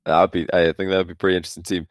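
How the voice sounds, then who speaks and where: A man's voice: sits low, little pitch movement, very fast, no room sound, clean studio sound. A man co-hosting a podcast, chatting casually and joking with frequent laughs. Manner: jokey, laughs often. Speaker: podcast co-host. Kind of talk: casual chat.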